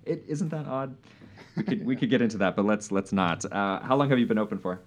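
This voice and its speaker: A man hosting a casual live podcast, easygoing and quick to laugh, with plenty of "uh" fillers. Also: on the low side, lo-fi sound, slight background noise. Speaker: podcast host.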